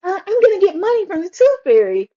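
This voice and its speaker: A woman putting on a squealy excited little girl. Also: fast talker, full character voice. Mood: cheerful. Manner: squealy, high-pitched. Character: excited little girl, gap-toothed, cheerful. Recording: dull lo-fi recording.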